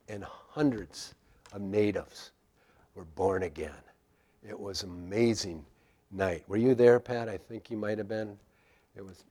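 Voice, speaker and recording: A middle-aged man preaching a sermon, telling a story with lively swings between loud bursts and quiet asides. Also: lowish voice. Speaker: pastor.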